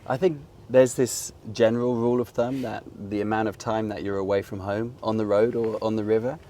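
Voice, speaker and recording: Low-voiced Englishman in his forties. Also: steady tone, a little fast, warm tone, slight background noise. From England. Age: 40s. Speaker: host, interviewer. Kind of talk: casual interview.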